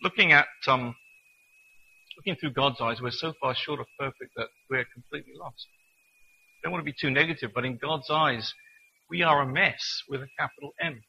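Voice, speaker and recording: A man's voice: mid-range voice, gravelly, pushed and bright, slightly rough, low-quality recording. Earnest man preaching a sermon. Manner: earnest, reads scripture slowly and deliberately.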